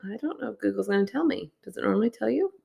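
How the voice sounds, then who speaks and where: Gravelly, laughing woman podcast co-host. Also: mid-range voice, expressive, rapid-fire, warm tone. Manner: laughs often, teasing, restarts sentences. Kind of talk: casual chat, reading listener stories aloud.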